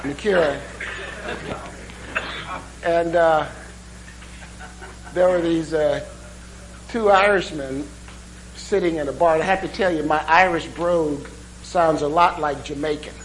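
A man preaching a sermon, telling a story in an unhurried way with lots of ums and uhs. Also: on the high side, background noise. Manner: unhurried storytelling with many fillers. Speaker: guest preacher. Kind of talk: sermon with a humorous opening.

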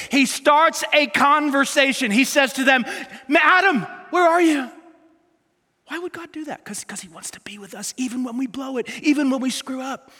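A male pastor preaching an animated, emphatic sermon to a congregation, acting out the people he quotes. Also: very high-pitched, big-room sound. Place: church auditorium with a live congregation.

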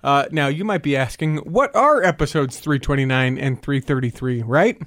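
A man's voice: mid-range voice, normal speed, fairly bright tone, dry recording. Casting: male podcast host, sore tongue, rambling and teasing, dry booth sound. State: sore tongue affecting his speech. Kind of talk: casual podcast chat. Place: home studio.

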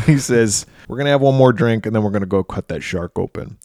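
Retelling movie scenes with gusto, this podcast co-host chats casually, performs the lines, and laughs a lot. He speaks briskly in a warm, lowish voice, and the recording is dry.

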